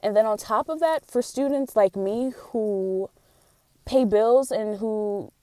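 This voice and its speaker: A young woman speaks in a casual vlog, venting her frustrations openly and earnestly. Her voice is mellow and warm, and the recording sounds dry and close. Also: mid-range voice, slow pace, no room sound. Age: young adult. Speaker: college theater student.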